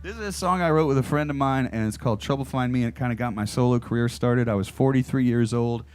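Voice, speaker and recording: A man's voice: medium pitch, fast talker. A man, a singer-songwriter telling dry, self-deprecating stories between songs at a live show. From United States. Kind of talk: casual stage banter between songs. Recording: live performance with guitar behind. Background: guitar music.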